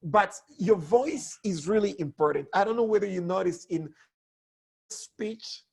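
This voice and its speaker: A man teaching a lesson on public speaking, hoarse with a cracked voice, talking in an animated way that swoops between high and low tones. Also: unhurried. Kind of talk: online lesson.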